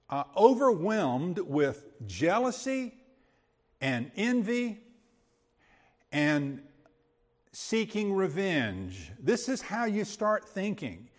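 Male preacher, high and lively voice, conversational Bible teaching, asks the room questions. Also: in a large hall. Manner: conversational, quips and rhetorical questions.

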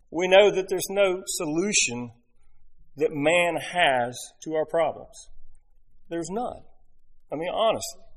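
A middle-aged man preaching a sermon, asking his listeners rhetorical questions and leaning on emphatic pauses. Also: fairly high pitch. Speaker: pastor.

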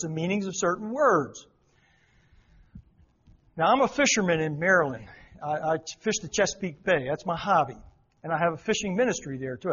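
Man, fairly high voice, folksy teacher at church, dull lo-fi sound. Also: fairly bright tone. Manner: folksy, repeats words for emphasis. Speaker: missionary teacher. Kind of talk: church talk explaining Chinese characters. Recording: dull lo-fi recording.

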